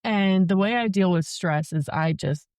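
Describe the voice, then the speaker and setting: Young woman, podcast guest, chatty storytelling, dry close-mic sound, even middle pitch. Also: normal speed, no echo. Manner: chatty, joking, many fillers like "like". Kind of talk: casual storytelling.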